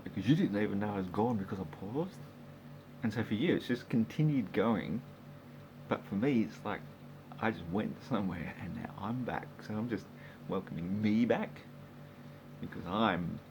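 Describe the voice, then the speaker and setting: An Australian man talks in a slow, rambling monologue with a deep, gravelly voice. He is sarcastic and swears freely, and faint ambient noise sits behind him. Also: darkish tone. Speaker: vlogger.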